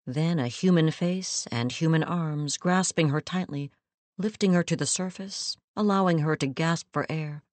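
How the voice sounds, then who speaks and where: A woman reading a story aloud in a measured, steady narrating voice, close to the mic. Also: deep voice, no room sound. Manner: measured, steady storytelling with quoted lines acted. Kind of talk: scripted audiobook narration.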